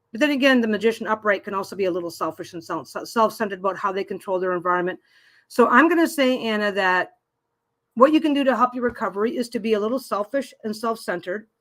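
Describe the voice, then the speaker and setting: A woman's voice: mid-range voice, a bit bright. A middle-aged woman hosting a live stream as a tarot reader, chatting casually and rambling, often restarting her sentences and reading viewer comments aloud. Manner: reads viewer comments aloud and answers them.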